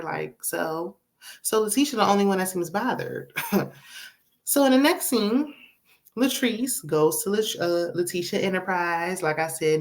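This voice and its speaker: A woman giving a sassy, chatty recap of a reality show, laughing often and talking straight to her viewers. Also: lowish voice. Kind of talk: casual opinionated recap.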